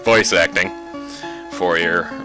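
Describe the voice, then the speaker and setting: A man's voice: deep voice, fairly even intonation, slow pace. A man commenting on a game he plays, laid-back and self-mocking. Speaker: let's player. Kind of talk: gameplay commentary. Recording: game music behind.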